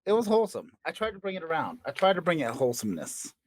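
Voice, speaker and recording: A man co-hosting a comedy podcast, his pitch sitting a little high and swinging widely as he spins absurd made-up tales. The sound is dry and close, with no room around it. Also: huge pitch swings, very fast, dry recording. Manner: spins absurd made-up stories with playful voices. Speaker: podcast co-host.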